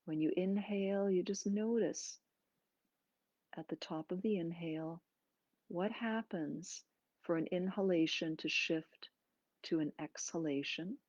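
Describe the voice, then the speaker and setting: A woman yoga teacher talks a class through its breathing, slow and gentle, leaving pauses between her instructions. Her voice is mellow and a little low. The recording is dry and slightly dull, with a lo-fi edge. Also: no echo. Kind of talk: guided breathing and movement class.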